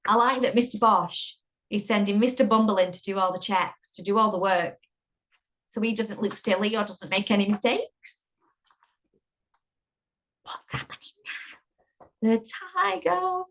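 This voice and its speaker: A woman's voice: medium pitch, fairly even intonation, normal speed, a bit bright. A woman reading a picture book aloud to children, chatty and playful, stopping to ask the listener questions. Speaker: storyteller. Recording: dull lo-fi recording.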